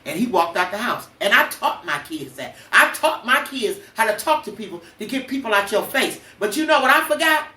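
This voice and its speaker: A woman's voice: a little high, big pitch swings, brisk, hardly any pauses, sharp tone, distant mic. Blunt older woman in an echoey room. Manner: blunt, preachy storytelling with cursing. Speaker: podcast host. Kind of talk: emotional personal monologue.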